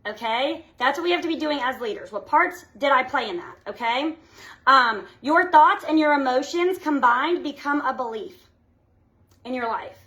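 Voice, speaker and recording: Team leader, woman, high voice, chatty and upbeat, keeps asking "okay?". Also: animated, normal speed, sharp tone. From United States. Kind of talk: motivational live talk to her team.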